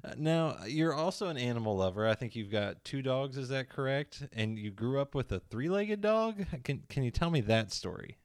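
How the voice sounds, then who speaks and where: A man's voice: medium pitch, sing-song, normal speed, few pauses, smooth, dry recording, studio quality. A man hosting a casual interview, asking questions in an easygoing way with lots of stammered restarts. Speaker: interview host.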